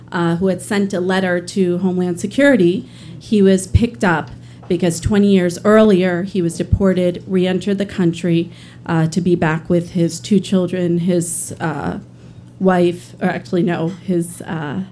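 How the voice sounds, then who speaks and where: A woman tells a personal story live, earnest and pausing often with small fillers. Her voice is lowish and mellow, with a faint hiss behind it. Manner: earnest, pauses with frequent fillers. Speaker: storyteller, public defender.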